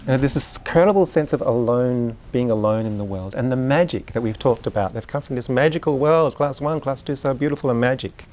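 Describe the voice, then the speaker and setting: A man with a voice of ordinary pitch gives an informal talk to a group of parents. He explains through examples and throws in asides and questions to the room. He sounds like someone speaking in person to a live audience. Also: a little fast, few pauses, darkish tone, slight background noise. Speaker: speaker on Waldorf education.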